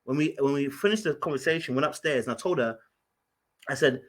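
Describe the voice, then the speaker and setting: A man hosting a podcast tells a story in a mid-range, fairly quick voice. He's emphatic and casual, often restarting and repeating his words.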